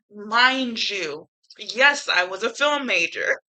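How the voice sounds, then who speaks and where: Young woman, YouTuber, casual chat, bright forceful voice, animated, slangy, swears freely. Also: fairly high pitch, normal speed, poor audio. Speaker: YouTuber reviewing a film. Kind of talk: casual chatty movie review.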